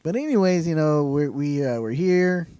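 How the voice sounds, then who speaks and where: A Texan man co-hosting a podcast, rambling with lots of fillers and sounding excited. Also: on the high side, moderate pace, clean tone, dry recording. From South Texas. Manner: enthusiastic, rambling with many fillers. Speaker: podcast co-host. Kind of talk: casual chat.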